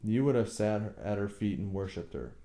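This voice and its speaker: Guy doing a bitter tormented husband from a novel, low and dark, echoey room. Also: expressive, moderate pace. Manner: brooding, bursts into bitter anger. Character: tormented older English husband, man.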